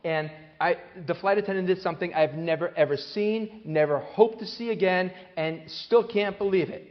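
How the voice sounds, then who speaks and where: A man with a fairly high voice gives a parenting talk, telling animated stories and acting out voices as he goes. He often starts over mid-sentence. The sound is dull and lo-fi, with long reverb from a hall. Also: unhurried. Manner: animated storyteller, acts out quoted voices, many restarts. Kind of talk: lively talk to an audience.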